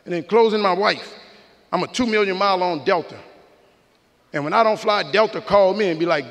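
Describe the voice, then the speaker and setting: High-voiced preacherly man in a big hall. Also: brisk, vocal fry, a bit bright. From New Orleans, USA. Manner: preacherly, rhythmic, repeating phrases. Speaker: commencement speaker. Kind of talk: motivational speech. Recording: long reverb of a large hall.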